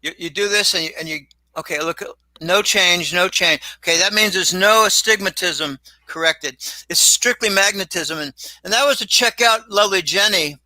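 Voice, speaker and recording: An older man with a high, very bright voice tells rambling stories in casual livestream chat. He repeats words as he goes, and the sound is dry and close. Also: moderate pace, dry recording, poor audio. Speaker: regular guest commentator.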